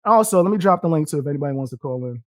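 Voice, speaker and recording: A man's voice: a little high, expressive, very fast, a little mellow, no room sound, studio quality. A young man live streaming, reacting with a profane, combative rant and taunting his viewers between laughs.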